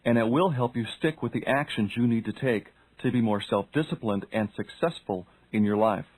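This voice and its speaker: A man's voice: mid-range voice, moderate pace, darkish tone, husky, no room sound, rough recording. A man reading a self-help audiobook, speaking directly to the listener and asking questions. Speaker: audiobook narrator. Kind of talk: scripted self-help narration.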